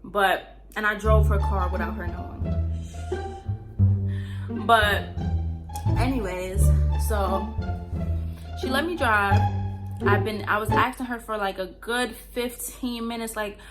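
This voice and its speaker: A woman's voice: mid-range voice, steady tone, takes it slowly, pauses often, loud music behind the voice. A young woman from Queens, telling a rambling, profane storytime in casual slang. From Queens, New York. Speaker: storyteller vlogger.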